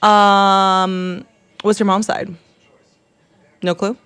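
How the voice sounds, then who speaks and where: A woman co-hosting a morning radio show, chatting in animated, casual banter and laughing easily. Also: mid-range voice, drawn-out words, clean tone, dry recording.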